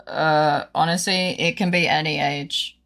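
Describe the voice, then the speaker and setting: A woman streamer chatting casually with her live chat, rambling through a funny story with animated retellings. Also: deep voice, unhurried, gravelly, faint music behind. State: unwell with brain fog.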